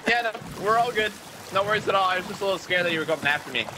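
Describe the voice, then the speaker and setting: A high, syrupy voice of a falsely innocent pirate fisherman, overly courteous and sweet, as a man puts it on during online game chat. Game sounds and noise sit under it. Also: lively intonation, racing. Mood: overly polite. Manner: high, sugary, exaggeratedly courteous.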